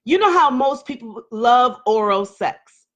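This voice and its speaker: A woman in her forties hosts a frank live-stream conversation, her fairly high voice swinging between nervous laughter and heavy pauses. She talks openly and emotionally, straight to her listeners. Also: lively intonation, a bit bright. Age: 40s. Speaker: host. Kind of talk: candid live-stream talk.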